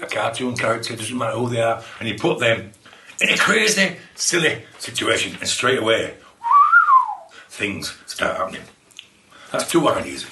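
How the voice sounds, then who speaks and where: A man's voice: mid-range voice, pushed and bright, a little hiss or hum. A man running a playful poetry lesson for children, exclaiming and laughing as he shares tips. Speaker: children's poet. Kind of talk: lively poetry workshop for children. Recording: echoey room.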